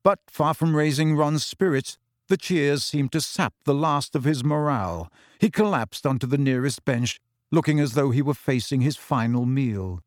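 Male storybook narrator, measured delivery, dry close sound. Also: mid-range voice, no room sound. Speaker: audiobook narrator. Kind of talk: scripted narration.

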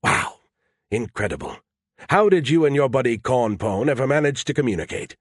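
A man's voice: mid-range voice, lively intonation, moderate pace, breathy edge, dry recording, studio quality. A man voicing an arrogant, snarky male alien AI that talks down to humans. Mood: mocking. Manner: condescending, mocking.

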